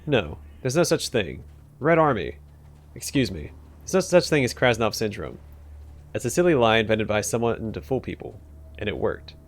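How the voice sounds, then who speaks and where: A man voicing a nervous male clerk who keeps bursting out with shouted word lists and then apologizes. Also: lowish voice, big pitch swings, moderate pace. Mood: twitchy.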